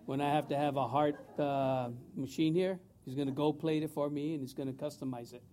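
A man's voice: on the high side, fairly even intonation, a little fast, mellow. A man emceeing an event, making playful, teasing remarks. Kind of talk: joking remarks.

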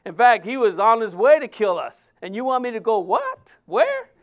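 A man's voice: very high voice, huge pitch swings, moderate pace, full character voice. A man playing a panicked, disbelieving disciple. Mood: alarmed protest. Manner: protesting, disbelieving, rising loud. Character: fearful reluctant male disciple, incredulous.

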